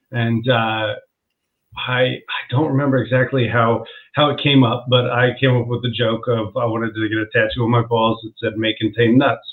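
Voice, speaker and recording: A man, a comedian guest, telling a story in casual chat, laughing as he goes and acting out what people said. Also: mid-range voice. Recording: tinny phone-like line.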